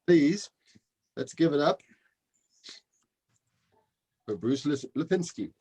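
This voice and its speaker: A man hosting a comedy show over a video call, introducing acts haltingly with many fillers. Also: on the high side, expressive, dark tone, breathy edge. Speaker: host.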